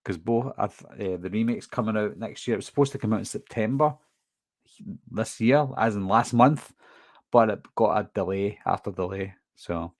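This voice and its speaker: Reading viewer questions on a live stream and answering them casually, this horror movie channel host has a fairly low-pitched voice and a mild Glasgow accent from Scotland. He speaks at a normal speed, captured with studio quality and no room sound.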